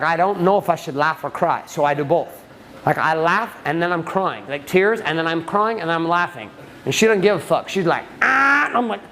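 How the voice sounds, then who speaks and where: A man's voice: slight background noise, low-quality recording. A man coaching a men's group in blunt, profane talk, often acting out what people say. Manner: swears often, shifts into acted quotes, lively pitch.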